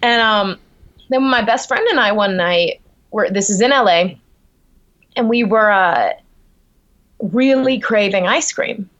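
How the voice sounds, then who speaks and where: A young woman telling a story in a casual interview at home, animated, acting out her own reactions. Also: mid-range voice, measured pace, pauses often, lo-fi sound. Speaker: guest. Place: at home, on the floor. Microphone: video call.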